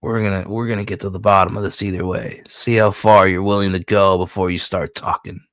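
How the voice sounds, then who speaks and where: A man's voice: deep voice, little pitch movement, a little fast, a bit bright, no echo. A man voicing a cruel, hot-tempered male villain boss from a comic book, snarling profane threats. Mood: taunting.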